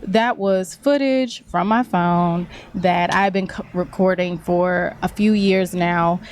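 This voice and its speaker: A young woman guest explaining her oral history project in casual conversation, thoughtful and quick to laugh. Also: fairly low pitch, fairly even intonation, a little hiss or hum. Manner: warm-hearted, laughs often, thoughtful explaining.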